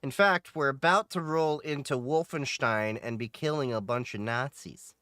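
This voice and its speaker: A man's voice: medium pitch, normal speed, pushed and bright, smooth, no room sound, clean studio sound. A man streaming a game live, chatting casually with viewers in a joking, talkative way. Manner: joking, chatty, answers viewers and laughs often. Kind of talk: casual live-stream chat while gaming.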